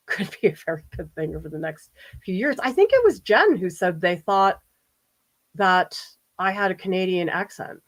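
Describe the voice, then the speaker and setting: Unhurried and sing-song in a mid-range voice, this East Coast art professor talks easily with her audience while painting on a livestream. Reading viewers' comments out loud frequently makes her laugh.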